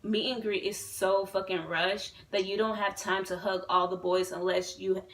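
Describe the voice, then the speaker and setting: A woman in her twenties, a vlogger telling a story to camera in a rambling, excitable way, full of fillers and swearing. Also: medium pitch, normal speed, recorded from a distance, rough recording. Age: 20s.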